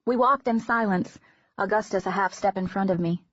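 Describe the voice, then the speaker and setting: A woman narrating an audiobook in a measured, intimate first-person reading. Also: mid-range voice, a bit bright, breathy edge, dry recording. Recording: dull lo-fi recording.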